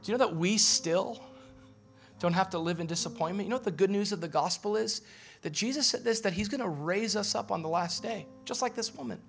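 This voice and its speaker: A man's voice: high voice, a little fast, creaky, fairly bright tone, soft background music. A male pastor preaching a sermon in a casual, joking storytelling way, acting out the people in the story.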